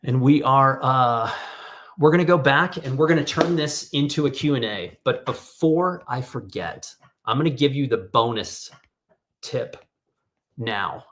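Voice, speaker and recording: A middle-aged man leads an online workshop over a video call, his voice sitting in an ordinary middle pitch. He talks in a relaxed, casual way, telling stories and slipping into quick voices for the people he quotes. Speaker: workshop host.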